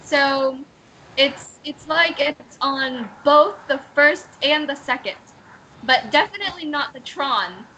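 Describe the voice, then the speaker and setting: A woman's voice: sits high, lively intonation, takes it slowly, pushed and bright, dull audio, a little hiss or hum. A woman teaching an online reading class on a video call, hesitant and correcting herself often. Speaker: English teacher.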